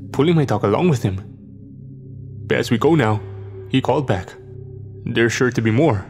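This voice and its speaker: Guy reading a scary story, steady and measured, a bit of vocal fry, soft music behind. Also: on the low side. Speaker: horror story narrator. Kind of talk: scripted horror narration.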